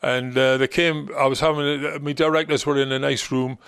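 Gravelly older man spinning old stories. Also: medium pitch, level tone, a little fast, a bit bright, no room sound, clean studio sound. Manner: rambling, reminiscing, acts out other people's lines. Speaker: former football manager, guest. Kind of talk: anecdotal storytelling in conversation.

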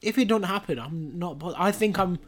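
A man hosting a podcast in casual chat, briskly steering the conversation. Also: high-pitched. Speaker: podcast host.

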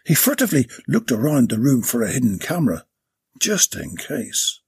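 Gravelly husky guy reading a cheeky story deadpan, close dry mic. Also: mid-range voice, moderate pace, dry recording. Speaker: narrator reading his own erotic novel.

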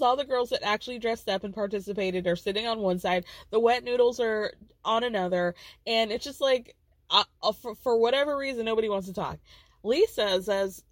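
A woman's voice: mid-range voice, fairly quick, no room sound. A woman hosting a casual podcast, recapping reality TV in a gossipy, chatty way and laughing often.

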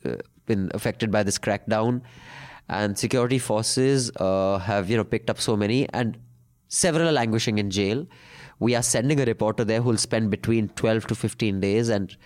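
A man with an Indian English accent hosting a podcast, casually bantering and reading out listener mail, irreverent and slipping into Hindi phrases. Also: lowish voice. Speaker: podcast host.

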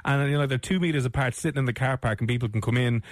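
A man's voice: mid-range voice, racing, no room sound, studio quality. A man with an Irish accent hosting a casual radio chat, joking and teasing his guests. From Ireland. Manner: jokey, teasing. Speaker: radio host.

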